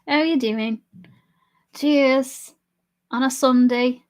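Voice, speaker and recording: A woman's voice: sits high, steady tone, slow, long pauses. A young woman live streamer chatting casually with her chat and laughing often while she drinks. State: drinking alcohol.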